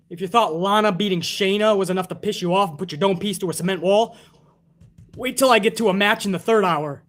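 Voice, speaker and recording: A man with a fairly high voice rants through a wrestling recap in casual live-stream style. He swears constantly and leans on sarcasm as he works through the show. He stops now and then to thank viewers for tips. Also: a bit bright. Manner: profane, ranting, sarcastic.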